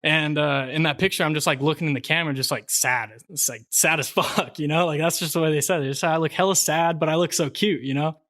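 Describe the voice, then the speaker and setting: A young man casually telling a personal story on a podcast, slangy and relaxed, full of fillers. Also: a little high, fast talker, hardly any pauses, no echo, studio quality. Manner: laid-back, slangy, lots of fillers. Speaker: podcast co-host.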